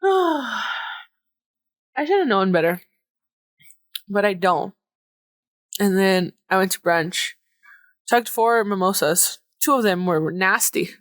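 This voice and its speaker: A woman's voice: medium pitch, lively intonation, slow, long pauses, no room sound. A woman in her late twenties hosting her own podcast in casual chat, emotional and laughing through tears, now and then dropping into Spanish. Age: 20s. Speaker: podcast host.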